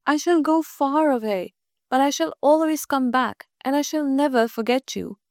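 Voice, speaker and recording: A woman's voice: high-pitched, moderate pace, no room sound, clean studio sound. A woman voicing a small caged male songbird who pleads for his freedom in a raised, insistent voice. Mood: wistful.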